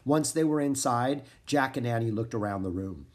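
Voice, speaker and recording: A man reads a children's adventure story aloud in a mid-pitched voice. He tells the story plainly and puts life into the characters' lines. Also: moderate pace. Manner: expressive, acts out the characters' lines. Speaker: narrator.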